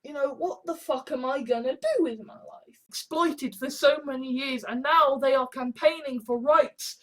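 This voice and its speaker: A man's voice: very high voice, normal speed, fairly bright tone. Young man, video monologue, rambling and sweary, bursts of exasperation. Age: young adult. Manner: rambling, frequent swearing, sudden exasperated outbursts. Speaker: video essayist. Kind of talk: casual monologue.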